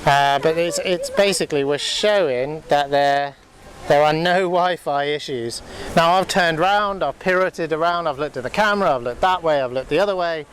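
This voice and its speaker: A man talks through his drone flight outdoors in a casual, rambling way, stacking fillers and restarting sentences. His voice sits a bit high for a man. A faint outdoor hiss runs underneath. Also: normal speed, a bit bright, poor audio. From United Kingdom. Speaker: drone vlogger. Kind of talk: casual running commentary while flying a drone. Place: outdoors by a river.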